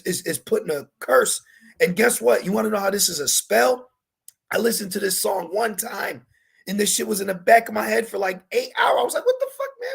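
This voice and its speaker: Gravelly, husky man preaching casually. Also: a little high. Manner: casual slangy preaching, repeats "man" and "all right". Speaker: street preacher. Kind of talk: informal sermon.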